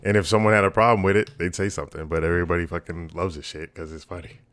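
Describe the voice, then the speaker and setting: A man's voice: deep voice, steady tone, rapid-fire, a bit bright, dry recording. A young man co-hosting a podcast, talking bluntly and profanely in casual chat that turns into heated ranting. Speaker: podcast co-host.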